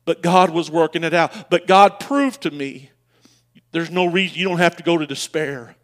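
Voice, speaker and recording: High-voiced pastor preaching. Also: male voice, normal speed. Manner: storytelling, emotional, repeats words, rises to loud passionate bursts. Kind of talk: sermon.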